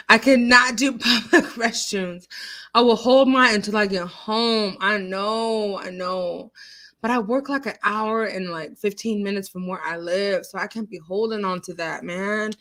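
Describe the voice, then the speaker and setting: This live-stream host has a medium-pitched voice and talks a little slowly. Chatty and animated, she laughs often while reading and replying to comments from her viewers.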